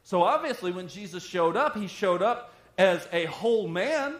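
A man preaching a sermon, retelling scripture dramatically and swinging between loud and hushed delivery. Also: high-pitched, lively intonation, moderate pace, reverberant. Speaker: pastor.

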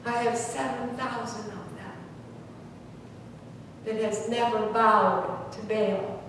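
A woman's voice: steady tone, slow pace. Woman preaching in an echoey hall. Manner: swings between loud preaching and hushed quiet. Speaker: pastor. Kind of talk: sermon. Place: church sanctuary. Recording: echoey church hall from far off, faint rumble.

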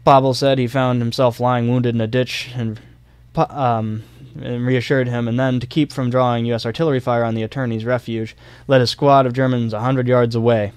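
A man's voice: mid-range voice, little pitch movement, a little fast, few pauses, clean tone, dry recording. A young man co-hosting a casual history podcast, telling a story loosely with fillers and small laughs. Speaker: podcast co-host.

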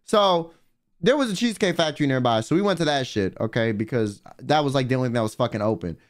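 A young man, a livestreamer, telling a story in a casual, animated and profane way. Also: medium pitch, fast talker. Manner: animated, profane, swings loud and quiet. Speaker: vtuber and livestreamer.

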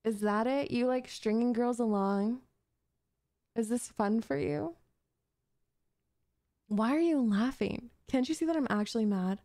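A woman's voice: a little high, a little slow, pauses often, warm tone, no echo, studio quality. A young woman voicing a possessive, jealous gamer girl in an audio role-play, talking in a bossy, defensive, flustered way. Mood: flustered, angry. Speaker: voice actress.

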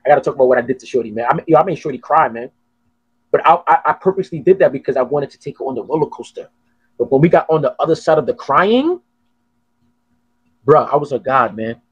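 A man hosting a podcast, telling stories in an animated, profane, casual way. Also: medium pitch, fast, husky, no echo, dull audio. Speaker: podcast host. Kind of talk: casual chat.

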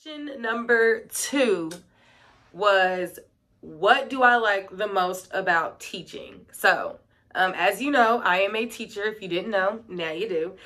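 A woman's voice: mid-range voice, animated, slow, fairly bright tone. A young woman telling stories in a casual vlog, chatty and full of "like" and "um". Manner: chatty, fills talk with "like" and "um". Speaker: vlogger and middle-school teacher.

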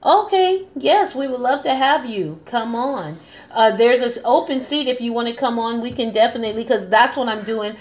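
A woman's voice: on the high side, normal speed. A woman hosting a live stream as a coach and pastor, talking earnestly and repeating phrases for emphasis. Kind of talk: casual live-stream talk.

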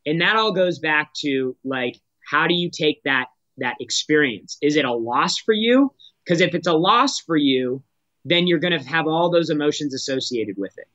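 Guy on a sales podcast, direct coaching tone, kinda high voice, dull lo-fi sound. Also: expressive, normal speed, pushed and bright, no echo. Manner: direct, coaching tone with frequent restarts. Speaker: sales executive guest. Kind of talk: podcast interview answers.

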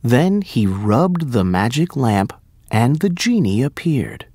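Role: storybook reader. Style: slow, clear reading for English learners. Delivery: lively pitch, very slow pace. Sound: dry and close. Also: dry recording.

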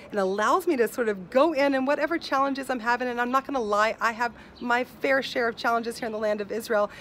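A woman's voice: on the high side, slight background noise. Passionate woman giving a rhythmic spoken-word talk. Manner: passionate, rhythmic, rhyming delivery that drops softer at the end. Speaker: speaker at an online festival. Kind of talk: personal talk ending in spoken-word poetry. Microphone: video call.

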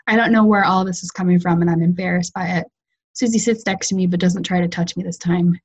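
A woman fiction writer reading her own story aloud in a calm, measured way over a video call. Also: on the low side, breathy edge, dull audio. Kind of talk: literary reading.

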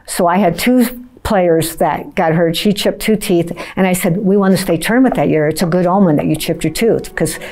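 Low-voiced woman coach recalling a match. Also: a little mellow. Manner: reflective, measured storytelling. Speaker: volleyball coach. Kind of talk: documentary interview.

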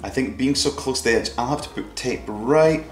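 Fairly quick and mid-range in pitch, a man chats his way through screen-printing work, thinking aloud and sprinkling in playful sound effects. The mic is far from him, leaving a roomy sound with music underneath.

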